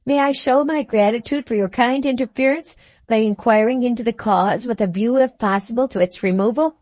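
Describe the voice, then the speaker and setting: A woman's voice: fairly high pitch, brisk, a little mellow, dry recording, close to an everyday voice. A woman voicing a touchy, jealous middle-aged spinster aunt who is prim and easily outraged. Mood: plaintive.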